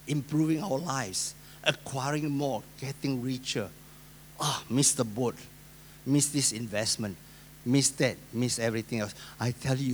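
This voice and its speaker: A male pastor with a Singaporean English accent preaching a sermon, swinging between loud emphasis and soft asides, acting out the voices of people he quotes. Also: mid-range voice, slight background noise.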